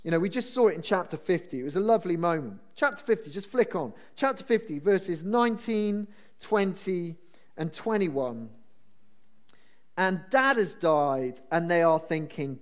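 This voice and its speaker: High-voiced, animated preacher. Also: male voice, moderate pace. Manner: chatty, self-deprecating, animated. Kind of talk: sermon.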